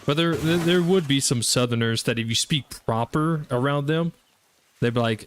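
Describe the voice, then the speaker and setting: Speaking at normal speed in a medium-pitched voice, a young Southern US gaming streamer talks casually and rambles to his viewers as he plays. A slight hiss or hum sits under the recording.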